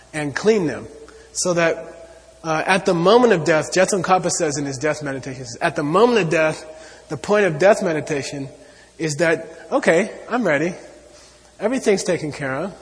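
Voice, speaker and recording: A Buddhist teacher gives an earnest spiritual talk to an audience, repeating his points and often saying "you know." His voice is a little high, and he's in a large hall.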